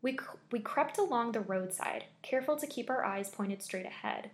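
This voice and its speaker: A woman's voice: a little high, lively intonation, normal speed, slight background noise. Woman narrating a horror story.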